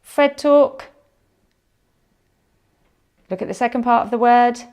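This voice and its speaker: Slow, encouraging woman teacher. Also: a little high, a little mellow, clear, resonant tone. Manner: slow, encouraging, drawn-out sounding out of words. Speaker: primary school teacher. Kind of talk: phonics lesson for young children.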